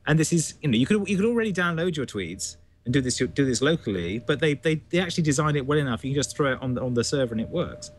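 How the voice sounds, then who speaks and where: A man's voice: mid-range voice, expressive, fast, hardly any pauses. A man from the UK, a guest on a casual tech panel, explaining things with frequent restarts. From United Kingdom.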